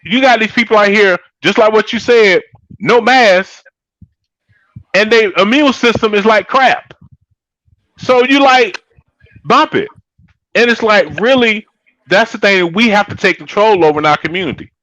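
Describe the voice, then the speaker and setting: A man's voice: high voice, a little slow, long pauses, fairly bright tone, dry recording, muffled recording. A man co-hosting a casual chat show, talking emphatically in a preachy way and calling his listeners y'all. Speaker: co-host.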